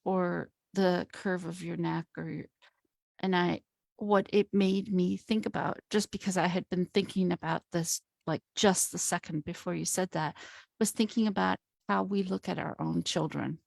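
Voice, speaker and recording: A woman's voice: lowish voice, fairly even intonation, gravelly, darkish tone, no echo, clean studio sound. A woman hosting a conversation as a coach, talking in a heartfelt, reflective way. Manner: heartfelt, reflective, slow and thoughtful. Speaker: host and coach. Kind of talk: casual conversation.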